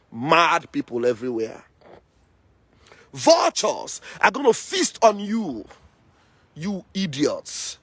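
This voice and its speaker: Fiery husky man. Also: on the high side. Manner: fiery, accusatory, repeats lines for emphasis. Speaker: political activist. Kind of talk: impassioned political speech.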